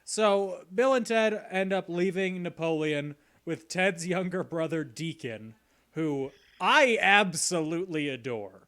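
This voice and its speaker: A man's voice: sits high, measured pace, fairly bright tone. A man co-hosting a podcast, casually recapping and joking with light laughs. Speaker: podcast co-host. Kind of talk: casual chat.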